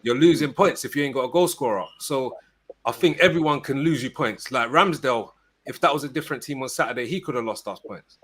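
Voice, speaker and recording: A man's voice: medium pitch, fairly quick, fairly bright tone. A man, co-hosting a casual football fan chat, emphatic and slangy, often asking if others follow him. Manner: emphatic, slangy, keeps checking the listener. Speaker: co-host of a football fan show.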